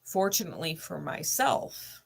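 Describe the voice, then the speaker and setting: A woman's voice: sits low, very animated, a little slow, vocal fry, husky. A woman in her thirties telling a personal story candidly, blunt and emphatic with heavy swearing. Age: 30s. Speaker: spiritual channel host.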